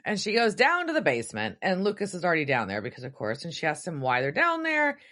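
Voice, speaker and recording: A woman's voice: on the low side, fast talker. A woman co-hosting a podcast, recapping a TV episode in casual chat and acting out the characters' lines. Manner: animated storytelling, swearing, acting out quotes. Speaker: podcast co-host.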